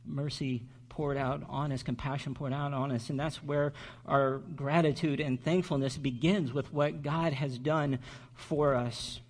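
A man preaching a sermon as pastor, earnest and slowing down on key words for emphasis. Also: mid-range voice, steady tone, darkish tone.

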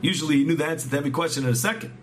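A man with a slightly high voice rattles off a religious story at rapid-fire pace, teaching it earnestly while often repeating words and restarting phrases. Faint hiss or hum can be heard.

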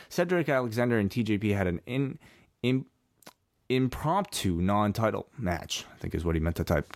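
A man co-hosting a casual chat podcast while sick, animated and hesitant, often restarting his sentences. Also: on the low side, no room sound, clean studio sound. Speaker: podcast co-host.

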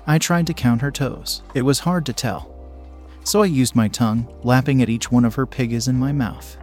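A man narrating a first-person story in a steady, measured way. His voice sits in an ordinary middle pitch. Faint music plays underneath the reading.

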